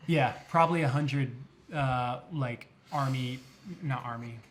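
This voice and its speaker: A man's voice: medium pitch, unhurried. A young man narrating a tabletop game as game master, hesitant with many fillers and restarts.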